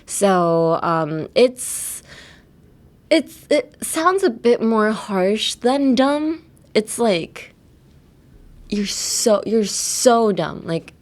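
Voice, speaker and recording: A woman hosting a bilingual lesson, explaining English slang and drilling phrases slowly, switching between English and Japanese. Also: on the low side. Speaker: English teacher and host.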